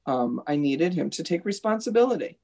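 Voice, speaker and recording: A woman's voice: sits low, very animated, a little fast, creaky, dark tone. A woman teacher in a live online discussion, earnestly recounting classroom stories.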